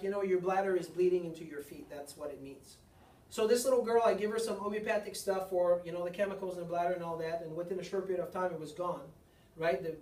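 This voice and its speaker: A man, a chiropractor, giving a seminar to a live audience, speaking emphatically with repeated lines and rhetorical questions. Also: high-pitched. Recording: echoey room, mic far off.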